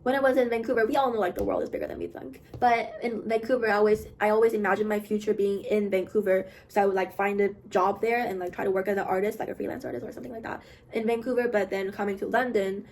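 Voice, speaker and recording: A young woman, an art student, chatting casually on her vlog in a rambling way, full of fillers and with the odd soft aside. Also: medium pitch, quick pace, a little hiss or hum. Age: young adult. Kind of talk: casual chat.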